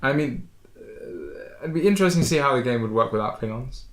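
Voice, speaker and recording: A man's voice: medium pitch, animated, fairly quick. A man hosting a casual review chat, hesitant and rambling, with many fillers and restarts. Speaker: board game channel host. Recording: echoey room.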